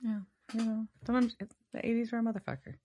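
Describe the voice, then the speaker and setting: A woman's voice: on the high side, level tone, fast talker, warm tone. A woman co-hosting a podcast who recaps an episode casually, swearing freely and acting out the characters' lines. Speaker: podcast co-host.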